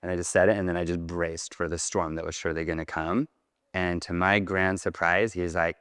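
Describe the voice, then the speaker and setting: A man tells a personal story to a crowd in a large hall, animated and packed with casual fillers. His voice sits on the low side and comes through smooth and resonant. A long hall reverb trails behind his words. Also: brisk, studio quality. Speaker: speaker. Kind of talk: storytelling talk.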